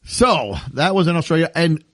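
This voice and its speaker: A man's voice: a little high, lively intonation, normal speed, fairly bright tone, no room sound. A man co-hosting a comedy podcast, reading odd news stories aloud and joking about them with frequent laughs. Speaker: podcast co-host. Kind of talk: casual comedy podcast chat.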